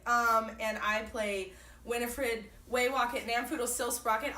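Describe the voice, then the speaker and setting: Sick woman, high and animated, giggly banter, distant mic. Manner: giggly, quick asides. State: sick, voice lower than usual. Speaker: podcast player. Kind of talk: casual chat. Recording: roomy, mic at a distance, faint noise.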